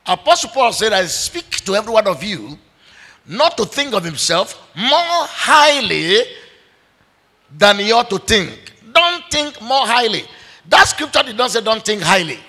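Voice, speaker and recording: Animated high-voiced pastor preaching. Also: male voice, normal speed, breathy edge. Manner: animated preaching, acting out dialogue. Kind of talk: sermon. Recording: echoey hall with long reverb.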